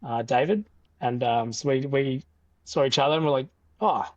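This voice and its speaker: A young Australian man telling a story in a casual podcast interview, animated and loose with fillers and restarts. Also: mid-range voice, normal speed, dry recording. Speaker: podcast guest.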